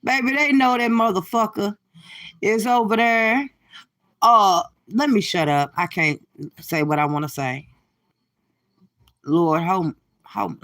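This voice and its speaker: A middle-aged woman doing profane, brash reaction commentary from her car, cursing and laughing through loud rants. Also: mid-range voice, unhurried, pauses often. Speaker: livestream commentator.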